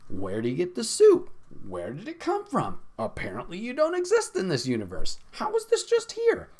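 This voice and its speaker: Male podcast host; lively, swooping delivery; casual, profane, exasperated. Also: sits high, normal speed. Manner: laughs often.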